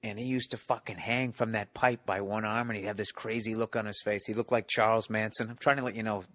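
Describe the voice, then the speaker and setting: A man in his forties from the United States, a stand-up comedian telling stories on a podcast in a profane, animated way. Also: fairly low pitch, fast talker, no room sound. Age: 40s. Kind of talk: casual podcast storytelling.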